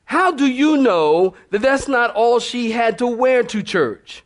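A male pastor preaching a sermon, animated and storytelling with laughing asides. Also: very high voice, a little slow, few pauses.

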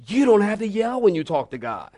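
A man preaching a sermon as pastor, animated and talking straight to the congregation. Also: sits high, a little fast. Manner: animated storytelling, calls to the congregation.

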